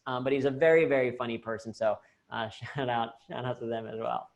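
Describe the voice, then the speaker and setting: Animated American man talking shop. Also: mid-range voice, a little fast. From United States. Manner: animated, jokey, self-deprecating. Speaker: humor and leadership speaker. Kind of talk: conversational talk and Q&A on a video call. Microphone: video call.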